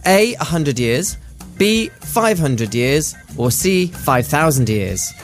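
Male radio co-host reading quiz questions, lively higher voice, giggly. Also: slow pace, faint music behind. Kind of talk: casual radio banter.

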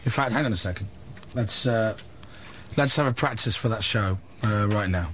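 A man's voice: on the low side, moderate pace, noisy background. A man who hosts a radio show, bantering casually and jokily in the studio, with an offhand way of talking. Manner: offhand and joking, trailing off with fillers. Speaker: radio host.

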